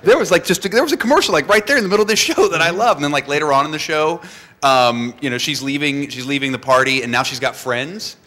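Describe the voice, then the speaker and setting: Bright-voiced animated male storyteller. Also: fairly high pitch, quick pace. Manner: animated storyteller, acts out voices, laughs often. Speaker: filmmaker guest. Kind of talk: live stage conversation. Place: stage before a live audience.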